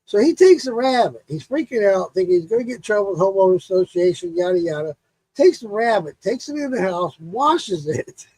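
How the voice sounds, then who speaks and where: A man with a high voice hosts a casual livestream and tells a neighborhood story full of swearing. He is lively and animated, and his voice comes through dry and close with no room echo. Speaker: livestream host.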